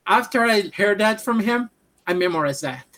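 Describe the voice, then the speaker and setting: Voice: medium pitch, moderate pace. A speaker from Puerto Rico, a native Spanish speaker with a Puerto Rican accent, in a casual chat. They tell stories animatedly and act out what other people said. They often restart their sentences. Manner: animated storyteller, acts out quotes, restarts.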